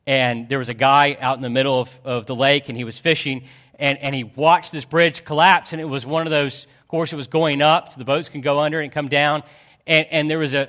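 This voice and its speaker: A man preaching a sermon as pastor, swinging between loud pleading and hushed low tones. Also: flat delivery, brisk.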